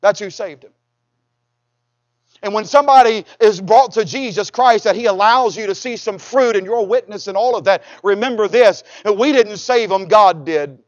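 A man's voice: sits high, moderate pace, no room sound, lo-fi sound. A man preaching a sermon in a folksy, conversational way, with humorous asides, who reads scripture aloud in old-fashioned wording. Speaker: pastor.

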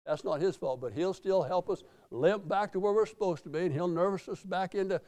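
A middle-aged American man preaching a sermon, telling folksy stories and swelling loud in praise. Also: high voice, brisk. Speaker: pastor.

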